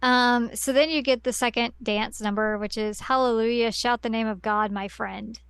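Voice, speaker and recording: A woman's voice: fairly high pitch, fairly even intonation, normal speed, clean tone, no room sound. A woman on a podcast, casually recapping a story at length with lots of fillers and restarts. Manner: rambling plot recap with many fillers. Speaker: podcast co-host. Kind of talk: casual chat.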